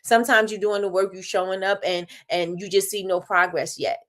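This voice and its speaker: A woman from New York talking straight to her livestream viewers, loud and animated. She laughs big and often and hammers her points home by repeating them. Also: medium pitch, brisk. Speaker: livestream host. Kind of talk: motivational livestream talk.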